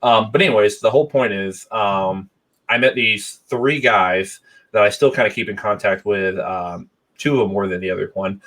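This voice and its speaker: A man with a fairly low voice hosts a casual podcast chat. He rambles along, full of ums and restarts. He sits a little back from his microphone. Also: moderate pace, a bit bright, recorded from a distance, rough recording. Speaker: podcast host.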